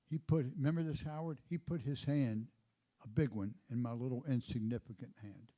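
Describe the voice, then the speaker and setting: A man in his eighties hosting a live comedy night, telling meandering deadpan stories with lots of asides. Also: medium pitch, brisk. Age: 80s. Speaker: comedy host. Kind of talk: rambling stand-up storytelling.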